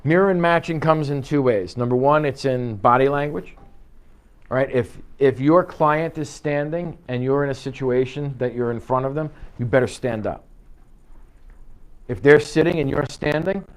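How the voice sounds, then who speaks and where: Energetic man coaching a sales team. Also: medium pitch, normal speed. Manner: energetic, coaching, acts out client exchanges. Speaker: real estate sales trainer. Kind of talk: live sales training talk. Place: office meeting room.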